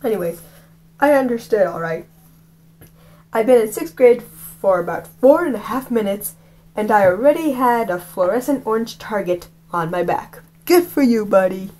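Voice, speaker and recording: A woman's voice: medium pitch, lively intonation, moderate pace, a little mellow. A woman reading a novel aloud on video and breaking off with chatty, mocking asides. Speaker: reader of a book on video.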